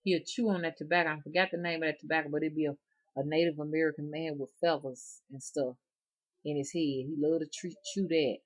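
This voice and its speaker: A woman's voice: deep voice, fairly even intonation, fairly quick. A middle-aged woman with an Alabama Southern accent, chatting casually to her viewers in a rambling, folksy way. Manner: rambling, folksy, chuckling often. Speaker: rootworker vlogger.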